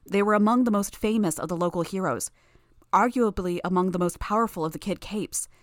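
A woman narrating a first-person novel in a tense, steady reading. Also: medium pitch, a little fast, no echo, clean studio sound. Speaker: audiobook narrator.

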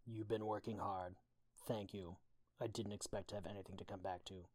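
A man's voice: lowish voice, steady tone, moderate pace, a little mellow, no room sound, natural voice. A man voicing a cold, threatening young woman who talks in curt, level threats, read as a storybook audiobook. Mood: quiet.

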